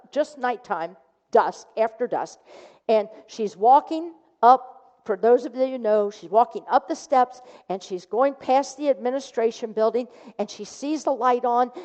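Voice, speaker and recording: Animated woman minister preaching in a reverberant hall. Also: fairly high pitch. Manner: animated storyteller acting out voices. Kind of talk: sermon storytelling. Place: church sanctuary. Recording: dull sound with long hall reverb.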